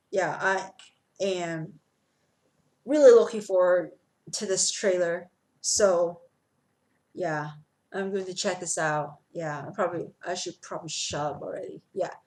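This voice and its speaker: A woman hosting a reaction video in casual commentary, excitable and gushing, shrieking over her favorite. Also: lowish voice, low-quality recording. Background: loud trailer music.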